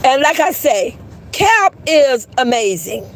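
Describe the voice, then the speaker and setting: A high-pitched woman hosts a casual livestream chat. She talks bluntly and swears freely while greeting viewers. A faint hum of background noise sits under her voice. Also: sing-song, unhurried. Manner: blunt, profane, laughing, reads chat aloud. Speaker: livestream host.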